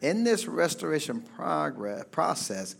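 A man pastor preaching a fervent sermon, reading scripture and calling for amens from the congregation, often shouting. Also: fairly high pitch, big pitch swings, measured pace, gravelly, breathy edge. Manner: reads scripture aloud, then explains it.

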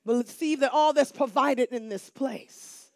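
A woman pastor preaching a sermon in call-and-response style, repeating phrases for emphasis and swinging between hushed lines and shouts. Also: high voice, a little slow, gravelly, no echo, studio quality.

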